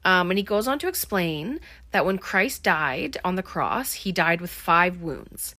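A woman's voice: on the low side, lively intonation, a little slow, bright, forceful tone, no room sound. A young woman casually recapping a film, chatty and full of fillers.

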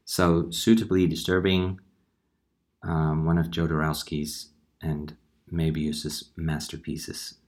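Very deep-voiced man. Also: flat delivery. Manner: unhurried reflective storytelling. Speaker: podcast host. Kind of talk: horror comics podcast monologue.

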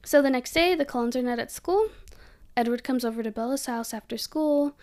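A young woman casually recapping a movie, animated and giggly, with lots of "like". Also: sits high, brisk. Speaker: podcast co-host.

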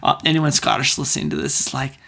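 A woman's voice: flat delivery, quick pace, creaky, fairly bright tone, husky. A woman hosting a podcast, chatting casually and breaking into goofy impressions with lots of laughter. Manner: playful, laughs often, jumps into squeaky put-on voices. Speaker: podcast host. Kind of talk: casual chat doing silly impressions.

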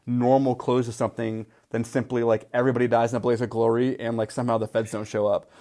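A man's voice: medium pitch, level tone, fast talker, dark tone. A man with a mid-range voice rambles through his thoughts on a film, full of fillers and restarts. Between his runs, he teases his co-host with a dry wit. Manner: rambling with many fillers and restarts, wry teasing. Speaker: podcast co-host. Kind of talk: casual chat about favorite movies.

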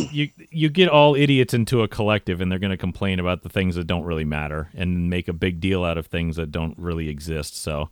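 A man's voice: deep voice, smooth, dry recording, clean studio sound. A man hosting a casual podcast, wry and laughing often as he reads fan messages aloud. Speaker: podcast host.

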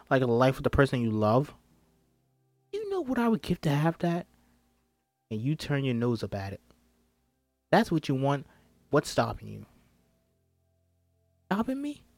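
A man's voice: medium pitch, no echo. A man voicing a frustrated, hurt friend in his thirties who argues heatedly and pleads.

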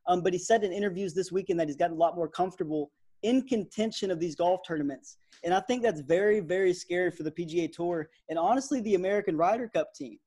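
A young man in his twenties co-hosting a podcast, chatting in a relaxed way with lots of fillers. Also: high voice, fast talker, husky. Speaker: podcast co-host. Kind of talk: casual sports podcast chat.

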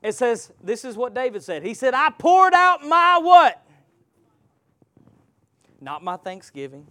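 A man preaching a live sermon. He draws the congregation in with call-and-response questions, swinging from loud passages to hushed ones. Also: very high voice, sing-song, measured pace, long pauses, clean tone, dry recording.

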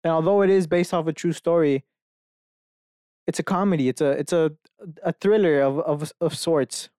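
A young man hosts his podcast alone from his bedroom, rambling excitedly and swearing freely. His voice is smooth and clean, recorded dry and close with no room sound. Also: a little high, moderate pace, dry recording. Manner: profane, animated rambling. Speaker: podcast host. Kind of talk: casual solo monologue.

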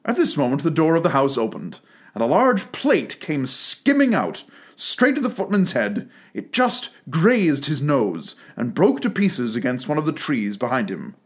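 A man reading a classic storybook aloud with expressive, animated storytelling. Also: a little high, measured pace, breathy edge. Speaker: narrator.

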